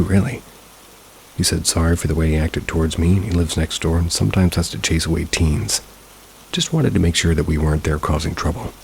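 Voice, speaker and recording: A man narrating a first-person paranormal story in a steady, low-key manner. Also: vocal fry, a little hiss or hum, low-quality recording. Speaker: narrator of submitted paranormal stories.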